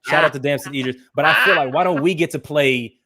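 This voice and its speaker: A man's voice: a little high, fast, sharp tone. Man from Atlanta, podcast host; chatty, filler-heavy casual talk. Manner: chatty, fillers, laughs while talking.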